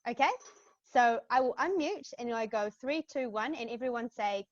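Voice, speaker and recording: A woman hosting an online session, brisk as she directs the group. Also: on the high side, a bit bright, no room sound, highs cut off. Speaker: session host. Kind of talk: hosting a video call. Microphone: video call.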